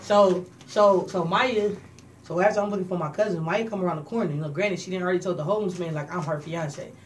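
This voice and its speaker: A woman's voice: on the low side, quick pace. A woman co-hosting a casual chat, telling a wild story with profanity and acting out the voices of others. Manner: animated, profane, acts out voices in quotes. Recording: distant mic with faint noise.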